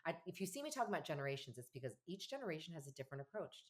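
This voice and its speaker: A woman in her fifties, a family therapist talking in an interview, animated and acting out quoted dialogue with laughs. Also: low-pitched, very fast. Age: 50s. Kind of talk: conversational podcast interview.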